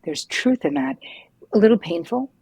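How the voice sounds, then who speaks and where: Husky, frank middle-aged woman. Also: medium pitch, moderate pace, no room sound. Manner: frank, lively, swears casually. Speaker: psychotherapist guest. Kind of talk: candid conversational storytelling.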